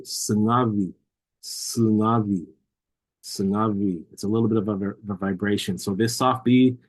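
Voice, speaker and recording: A man with a lowish voice teaches a language class at an unhurried pace. He explains sounds carefully and says each word over and over so learners can copy it. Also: a little mellow, rough recording. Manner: slow, patient, repeats words for pronunciation. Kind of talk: language lesson.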